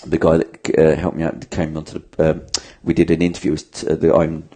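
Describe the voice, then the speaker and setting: A man's voice: extremely low pitch, completely flat delivery, a little fast, warm tone, husky. A man, a podcast host in casual chat, giving emphatic, sweary advice and acting out bits of dialogue.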